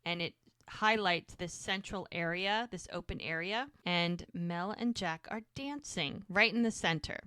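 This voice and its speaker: A woman's voice: lowish voice, unhurried, pushed and bright, clean tone, no room sound, studio quality. A woman co-hosting a rewatch podcast, chattily recapping an episode scene by scene. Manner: chatty, retells scenes acting out lines.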